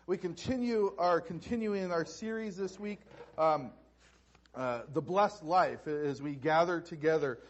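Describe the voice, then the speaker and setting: A man preaching a sermon as pastor, halting and restarting with repeated words. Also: on the high side, lo-fi sound.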